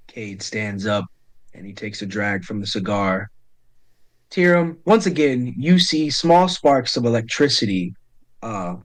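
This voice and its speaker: A man's voice: on the low side, low-quality recording. A man narrating a tabletop game as game master, describing the scene with frequent fillers.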